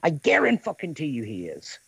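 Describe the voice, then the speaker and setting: A man's voice: fairly high pitch, huge pitch swings, measured pace, creaky, slightly rough, no room sound. A man chatting casually on a podcast over a call, talking politics in a heated, profane way. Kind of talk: casual chat.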